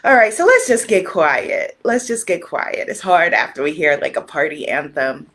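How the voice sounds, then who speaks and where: A middle-aged woman hosting a spiritual live stream, energetic and upbeat, then soft and prayerful, talking into a phone or webcam. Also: sits low, normal speed. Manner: energetic and upbeat, turning soft and hushed for meditation.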